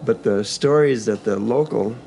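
In the back room of a country store, an older man, an organic farmer who runs the store, casually spins rambling tales about his building, peppered with restarts and side comments. He has a fairly low, gravelly, dark voice at a moderate pace, and a bit of hiss or hum is audible.

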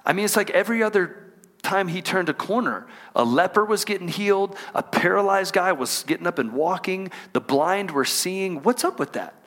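A man preaching to a congregation in a church, his voice sitting a touch high for a man. He stretches out scripture readings slowly and calls for the room to answer and repeat after him. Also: expressive, a bit bright. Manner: call-and-response preaching, asks the congregation to repeat lines; drawn-out emphatic scripture reading. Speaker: pastor. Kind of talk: sermon. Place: church auditorium.

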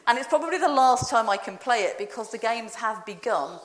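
A woman's voice: a little high, expressive, a little fast, fairly bright tone. A woman speaking in a church service, quizzing the congregation in a chatty, playful way. Her voice carries a roomy echo from the church, with a faint hum of room noise behind her. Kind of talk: informal all-age talk in a church service.

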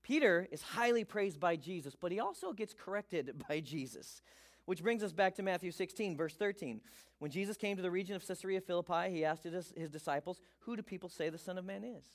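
High-voiced male pastor preaching. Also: brisk. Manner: lively, joking with the congregation. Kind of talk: sermon.

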